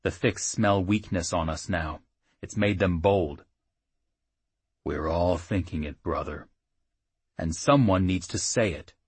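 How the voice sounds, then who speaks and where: A man's voice: sits low, slow, pauses often, slightly rough, dry recording, heavily acted. A man voicing a bitter, brooding male half-orc warrior who speaks bluntly, reading an audiobook.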